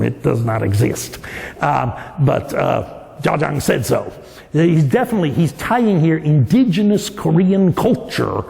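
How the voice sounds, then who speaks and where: A man with a slightly high, gravelly voice tells a legend as a lecture. He explains as he goes and often restarts his phrases. The sound rings with the long reverb of a large temple hall. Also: mellow. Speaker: professor giving a dharma talk. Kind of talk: storytelling lecture.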